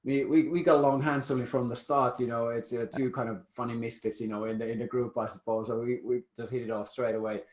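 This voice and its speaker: A man's voice: medium pitch, flat delivery, quick pace, hardly any pauses, echoey room. A man hosting a podcast, chatting in a jovial, rambling way with frequent restarts. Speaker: podcast host. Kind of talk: casual interview chat.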